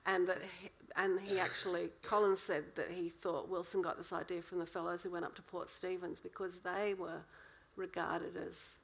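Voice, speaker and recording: A woman, a co-author, explaining history in a lively conversational interview. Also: on the low side, moderate pace, gravelly, hardly any pauses, slightly rough, rough recording.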